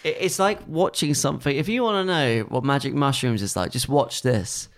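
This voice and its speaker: A woman co-hosting a podcast, joking and chatting casually. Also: rumbling low. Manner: animated, jokey, quick to laugh. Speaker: podcast co-host. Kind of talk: casual chat.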